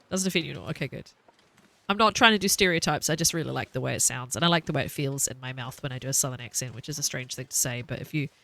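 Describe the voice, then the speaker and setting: A woman in her thirties, New Zealand-accented, streams a game while chatting casually, rambling, and laughing often. Her voice is a rumbling low with a bit of brightness.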